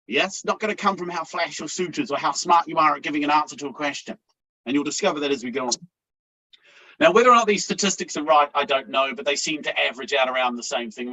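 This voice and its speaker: A man teaches sales in a frank, conversational way, tossing in "yeah?" and the occasional swear word. His voice sits slightly high for a man and has a bright, forceful edge. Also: poor audio. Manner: blunt, conversational, frequent "yeah?" check-ins, occasional swearing. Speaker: sales trainer. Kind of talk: sales training talk.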